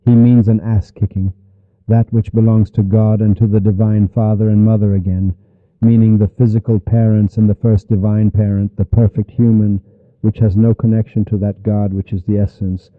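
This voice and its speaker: A man's voice: on the low side, flat delivery, moderate pace, no echo. A man preaching a heated monologue on Sufism, sarcastic and insulting, with sudden angry outbursts. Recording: dull, dry lo-fi recording.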